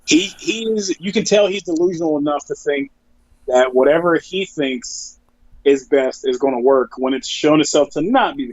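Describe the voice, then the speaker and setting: A man's voice: on the high side, darkish tone, no room sound, lo-fi sound. A man co-hosting a casual wrestling podcast, blunt and opinionated, often repeating himself as he builds a point. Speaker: podcast co-host.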